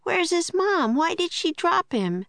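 Eager, soft-hearted little girl, put on by a woman reader; high, slightly gravelly, dry and close. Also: big pitch swings, measured pace, dry recording, full character voice. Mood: worried. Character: excitable young girl, eager and tender-hearted.

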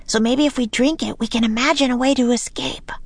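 A woman reading aloud and voicing a brave young girl adventurer who talks quickly and eagerly. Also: on the high side, fairly even intonation, no room sound, pitched above the performer's own voice.

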